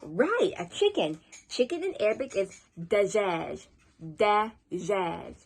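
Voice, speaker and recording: A woman leading a children's storytime as librarian, encouraging and sing-song, teaching words slowly. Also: mid-range voice, wildly swooping pitch, darkish tone, husky.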